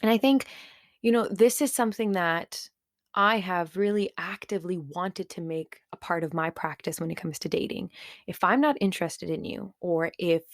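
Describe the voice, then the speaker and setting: A young woman talks through her own feelings on a solo podcast, candid and searching, with many "you know"s. Her voice sits a little low. The recording is close and dry, with no room sound. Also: normal speed, no echo. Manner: candid, self-reflective, conversational with many fillers. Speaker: podcast host. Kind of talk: reflective solo podcast monologue.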